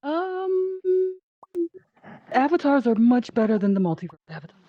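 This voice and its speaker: A woman's voice: fairly high pitch, sing-song, normal speed, no echo. Easygoing woman contestant, lo-fi audio. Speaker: game show contestant. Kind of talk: casual chat. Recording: dull lo-fi headset audio.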